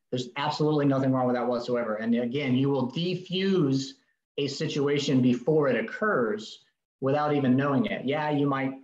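A man teaching a safety seminar in a direct, emphatic way, acting out short exchanges. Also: fairly high pitch. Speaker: safety instructor. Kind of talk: recorded training seminar. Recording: dull roomy recording.

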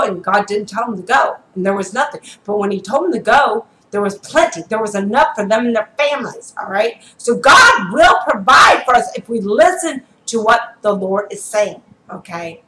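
A woman preaches with fervent, insistent urgency, her voice bright and a touch high. She is recorded at home in an echoey room with faint noise behind. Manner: fervent, preachy, repeats "I'm gonna tell you right now". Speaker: prophetess. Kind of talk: home sermon.

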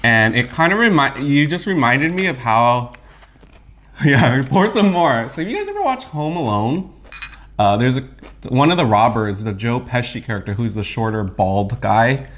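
Teasing young man with a lively voice. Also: medium pitch, moderate pace, a little hiss or hum. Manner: teasing, chatty, laughs often. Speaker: co-host of a mukbang channel. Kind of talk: casual chat while eating.

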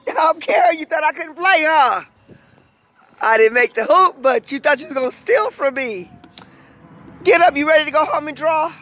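A woman's voice: high-pitched, moderate pace, a bit bright. An older woman, a grandmother, cheering on and teasing children during a casual game, playful and encouraging. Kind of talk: casual family play.

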